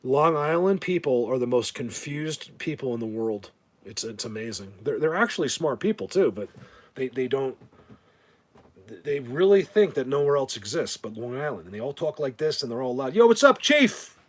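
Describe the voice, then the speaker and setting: Husky rambling New man. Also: medium pitch, animated, normal speed. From New Jersey. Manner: rambling, joking, many restarts. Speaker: live video host. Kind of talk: casual rambling live chat.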